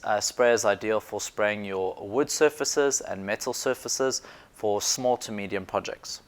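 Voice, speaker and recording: A man's voice: lowish voice, a bit bright, smooth. A man presenting a paint sprayer in a friendly, explanatory product demo video, with a few fillers.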